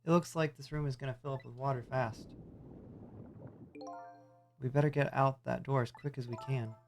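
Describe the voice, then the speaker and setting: A man's voice: medium pitch, steady tone, moderate pace, vocal fry, darkish tone. Easygoing man reading game text on stream. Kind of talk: reading game dialogue aloud on a live stream. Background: game music.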